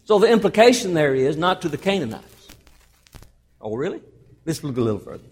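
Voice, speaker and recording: A man preaching from the pulpit in a high voice that rises and falls widely. He stresses key words loudly, then drops to a hush and draws the phrase out. His delivery is emphatic and animated throughout the sermon. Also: husky, long reverb tail. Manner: emphatic preaching, calls the congregation "beloved"; swings between loud emphasis and hushed, drawn-out phrases. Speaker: pastor.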